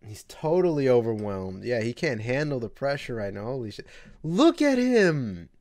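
A young man gives energetic reaction commentary with slang and loud outbursts. His voice sits at an ordinary middle pitch for a man. He laughs often as he talks. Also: moderate pace. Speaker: anime reaction host.

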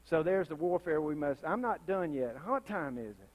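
A pastor preaches a fiery sermon in a church sanctuary, his high voice repeatedly leaping into loud, impassioned bursts. He keeps calling out to the congregation for responses and a witness. He's expressive and speaks at a normal speed.

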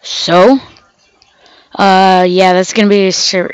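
This woman's mid-range voice is clean but flat, and she takes her time, pausing often. There's no echo, though the recording is rough. She hosts a gaming channel, rambling chattily during play to herself and the game animals, and she sounds off because she's sick.

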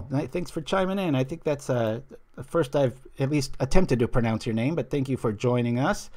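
An animated man with a mid-range, darkish voice speaks at a moderate pace. He's a stream host playing a card game and reading out viewer comments, chatty and rambling, and he tends to lose his train of thought.

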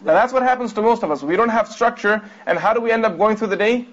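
A man with a high, quick voice gives a religious lecture and comments on each passage read out to him. He keeps asking rhetorical questions and explains points patiently. The recording sounds dull and lo-fi. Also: fairly bright tone. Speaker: religious teacher.

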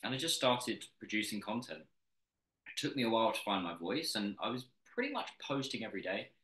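A British man with a standard accent talks as a podcast guest, his somewhat low voice pushed and forceful. He tells his story with energy and often restarts his sentences. The recording has a noticeable roomy echo. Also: big pitch swings, brisk. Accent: standard British English. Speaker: podcast guest, content creator. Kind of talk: casual interview talk.

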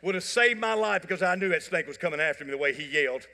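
A pastor with a fairly high-pitched voice talks fast as he preaches a sermon in a church sanctuary. He tells his congregation folksy, joking stories in an animated way, and the recording carries the reverb of a church hall.

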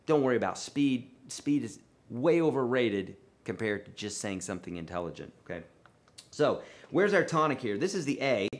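A man teaching a live online guitar lesson, coaching in a relaxed, repetitive way and checking in often with the viewers. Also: mid-range voice, normal speed, a little hiss or hum. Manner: relaxed, repetitive coaching with frequent "okay?" and "right?".

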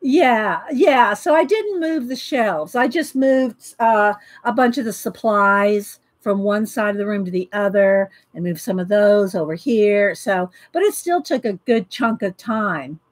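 A woman's voice: mid-range voice, expressive, unhurried, few pauses. A woman hosting a casual livestream from her home art studio, greeting viewers by name and rambling with fillers. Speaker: livestream host. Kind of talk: casual live-stream chat.

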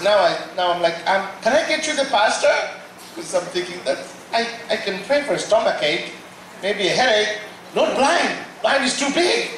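A man giving a testimony sermon as guest preacher, telling the story in a lively way and acting out the people in it. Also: high-pitched, slight background noise. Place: large hall at a church service. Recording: echoey hall from far off, with audience.

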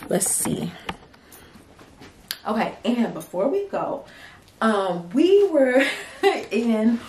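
A woman's voice: fairly high pitch, big pitch swings, drawn-out words, darkish tone, roomy sound, slight background noise. A young woman casually chatting to her viewers at home, calling them y'all and girlies. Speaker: vlogger and small business owner. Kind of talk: casual chat to camera. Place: home office room.

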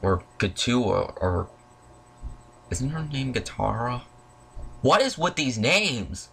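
A young man delivers a heated movie rant from his home. His voice is bright and sharp, and his pitch jumps widely. He swears often and sounds openly irritated. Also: big pitch swings, slow pace, vocal fry, pauses often, husky. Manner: irritated, profane, exclamatory. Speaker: video channel host. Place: at home, in front of a disc collection.

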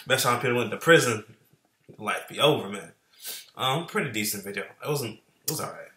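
A man's voice: mid-range voice, lively intonation, fairly quick, bright, forceful tone, distant mic. A man hosting a video reaction show, chatting casually and mocking what he sees. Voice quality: laughing, mocking. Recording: echoey room.

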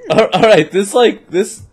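Teasing young man with a lively high voice. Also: slow, vocal fry, breathy edge. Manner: jokey, teasing, laughs a lot. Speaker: gamer. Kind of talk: casual gaming banter.

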